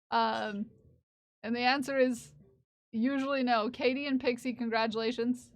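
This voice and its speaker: Slow-talking woman streamer, dry sound. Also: fairly high pitch, dry recording. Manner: rambling, many fillers and restarts; mixes several accents. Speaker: live streamer. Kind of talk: casual chat.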